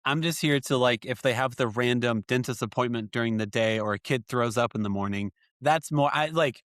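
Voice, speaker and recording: Guy hosting a podcast, rambly and jokey, talks at an average pitch, close dry mic. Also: a little fast, a bit bright, no room sound. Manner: rambling, self-deprecating, jokey. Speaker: podcast host. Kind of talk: casual chat.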